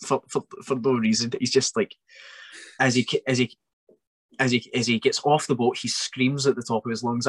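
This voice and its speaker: A young Scottish man, a wrestler guest on a podcast, telling an animated story in an exasperated, ranting way with many restarts. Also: medium pitch, moderate pace, husky, no room sound.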